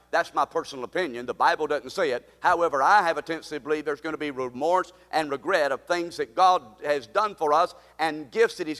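A man preaching a sermon and leading a prayer, calling for amens and swinging between loud and soft. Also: on the high side, in a large hall. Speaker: pastor. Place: church sanctuary.

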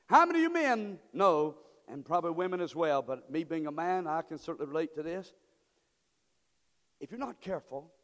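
A male pastor preaching a sermon, calling out to the congregation and swinging from hushed tones to shouts. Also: sits high. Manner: call-and-response preaching, swings from quiet to shouting. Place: church sanctuary. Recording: long reverb from a church hall.

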